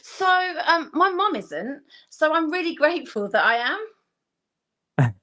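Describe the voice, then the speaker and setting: Animated middle-aged woman. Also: high voice, unhurried. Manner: animated, rambling, self-deprecating. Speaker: co-host. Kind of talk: casual live-stream chat.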